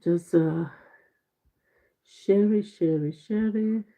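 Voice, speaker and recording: A woman hosting a casual live stream from home, speaking slowly and greeting viewers one by one, her voice congested from a head cold. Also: medium pitch, dark tone. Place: home in Ireland. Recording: tinny phone-like live stream audio.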